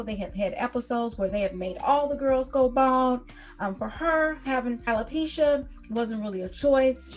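A woman hosting a podcast, introducing her guest in a chatty, playful way. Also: a little high. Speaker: podcast host.

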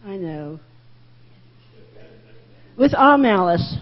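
A woman's voice: mid-range voice, very animated, extremely slow. A woman teaching a Sunday school lesson in a folksy, candid way, often repeating her phrases. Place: church classroom. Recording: muffled reverberant room recording.

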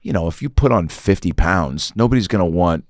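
A man's voice: deep voice, lively intonation, no room sound, clean studio sound. A man hosting a comedy podcast, playful and riffing in casual banter. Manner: playful, riffing, quick to laugh. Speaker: podcast host.

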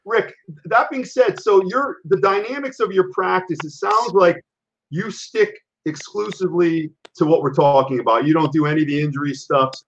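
A man's voice: sits high, normal speed. A man hosting a podcast interview, asking friendly questions and giving brief encouraging replies. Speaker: podcast host. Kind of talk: casual interview. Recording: dull lo-fi sound with faint noise.

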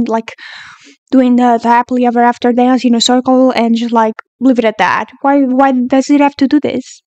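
A young woman hosting a reaction video, talking back at the screen, excitable and swearing freely. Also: on the high side, normal speed, smooth, no room sound. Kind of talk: casual reaction commentary.

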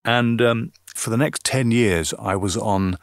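A man's voice: fairly low pitch, a little slow, dry recording, clean studio sound. An older man, a voiceover artist telling stories about his career in a chatty way, laughing easily. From Northern Ireland. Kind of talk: relaxed anecdotal conversation.

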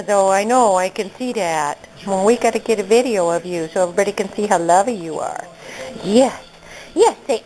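A woman's voice: mid-range voice, very animated, normal speed, a little mellow, low-quality recording. A woman in her living room at home, talking playfully to her dog in cooing, giggly, sing-song baby-talk. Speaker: dog owner showing a dog for adoption.

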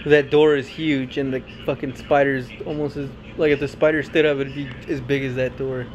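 A man's voice: mid-range voice, little pitch movement, moderate pace, lo-fi sound, noisy background. A man giving rambling, profane, joking commentary on a film while carving pumpkins at home. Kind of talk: casual chat.

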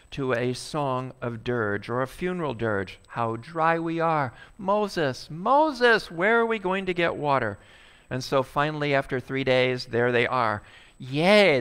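A male pastor preaching a sermon, animated and acting out a complaining crowd. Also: mid-range voice, smooth.

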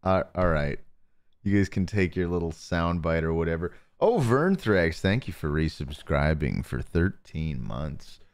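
A man hosting a live stream, chatting casually with viewers and talking softly close to the mic to save his voice. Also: sits low, animated, measured pace. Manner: joking, reads chat names aloud. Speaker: livestream host.

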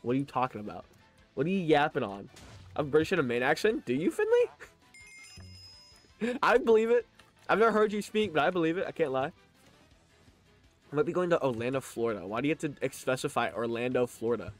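A man's voice: mid-range voice, expressive, quick pace, faint music behind. A young man in his late teens, a live streamer, chatting casually and reading his chat aloud, with a slurred lisp because new braces keep his mouth open. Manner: chatty and joking, laughs often, stammers on restarts.

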